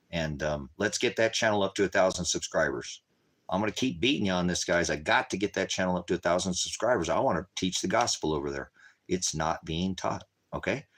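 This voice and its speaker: A man preaching and chatting on a livestream, rambling and emphatic, dropping to low mutters and rising into outbursts. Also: a bit bright. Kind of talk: casual livestream talk to chat.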